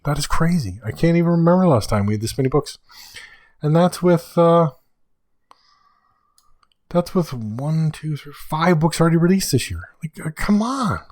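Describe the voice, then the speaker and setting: A man hosting a casual solo podcast, chatty and rambling, correcting himself and getting excited in asides. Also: fairly high pitch, no echo, clean studio sound. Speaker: podcast host.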